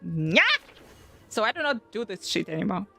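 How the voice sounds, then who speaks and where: A young woman chatting casually on a live stream, animated and swearing often as she restarts her sentences. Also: medium pitch, normal speed, vocal fry. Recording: faint background music.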